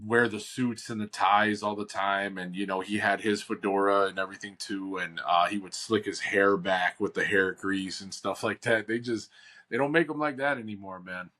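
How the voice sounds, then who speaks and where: A man from Chicago hosts a casual podcast chat, rambling easily with slangy asides. His voice sits on the low side. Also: fairly even intonation, normal speed, pushed and bright. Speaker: podcast host.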